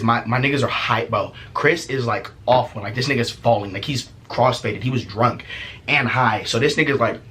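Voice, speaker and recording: A young man casually telling a story as a vlogger, profane and animated, laughing often. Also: medium pitch, fairly quick, a little hiss or hum.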